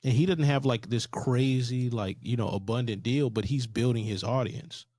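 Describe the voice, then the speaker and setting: A man's voice: medium pitch, normal speed, mellow, no room sound, studio quality. A man co-hosting a podcast, chatting casually and loosely, joking around. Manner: loose, joking, mimics a preacher. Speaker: podcast co-host. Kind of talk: casual chat.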